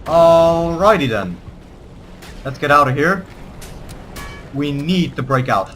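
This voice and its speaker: A man's voice: mid-range voice, unhurried, pushed and bright, a little hiss or hum. A man giving gameplay commentary, switching between theatrical rallying speeches and swearing asides. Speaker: let's play gamer.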